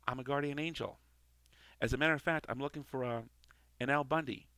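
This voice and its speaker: A man reading a comic part, voicing a brash, sarcastic male guardian angel who breaks into high screams. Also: fairly quick, sharp tone, smooth, no room sound.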